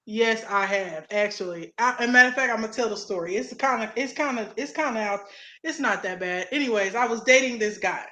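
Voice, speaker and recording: A young woman co-hosting a casual chat show, telling a story in an animated way and laughing often. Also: a little high, fairly quick, roomy sound. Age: young adult. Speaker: co-host.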